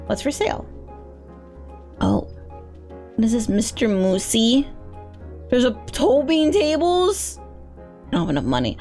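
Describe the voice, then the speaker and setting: Excitable woman streamer, lively pitch. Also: a little slow, long pauses, soft background music. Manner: excitable, playful, swears, squeals at cats. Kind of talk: casual game commentary.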